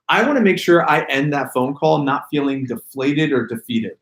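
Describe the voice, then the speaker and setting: A man leads a sales training session in a room with noticeable echo. He speaks casually at a medium pitch and leans hard on individual words as he demonstrates phrasing to the group. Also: normal speed, few pauses, a little hiss or hum. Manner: animated, emphatic, stresses words to demonstrate. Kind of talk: training workshop talk. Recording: echoey room.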